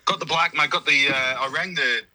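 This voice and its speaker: A man with an Australian accent on a phone call to a radio show, joking about himself with quick asides. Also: on the high side, bright, forceful tone.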